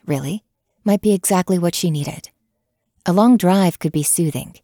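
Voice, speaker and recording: Low, mellow woman reading a story. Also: moderate pace, dry recording, clean studio sound. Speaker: audiobook narrator. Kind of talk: scripted narration.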